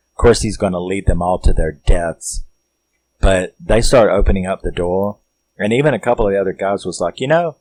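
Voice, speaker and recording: Male film reviewer, very low voice, dry close recording, rambling and sweary. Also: darkish tone, dry recording, poor audio. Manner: rambling, profane, laid-back storytelling. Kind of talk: casual movie recap.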